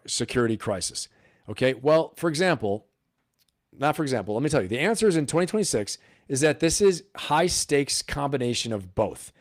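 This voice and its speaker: Man, live-stream host, mid pitch, dry close sound, rhetorical questions, keeps checking in with viewers. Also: no echo. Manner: animated, rhetorical questions, frequent "okay?". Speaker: political commentator hosting a live stream. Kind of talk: casual live-stream commentary.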